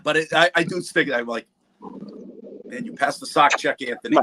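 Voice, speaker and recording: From his home on the East Coast, a livestream panelist with a fairly high voice tells stories at a moderate pace, with no room sound and poor audio. He's animated and profane, acting out other people's words as he chats casually.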